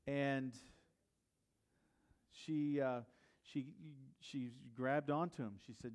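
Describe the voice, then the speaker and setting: A man's voice: medium pitch, steady tone, slow, long pauses, smooth. A male pastor preaching a sermon, retelling a story and asking the congregation questions.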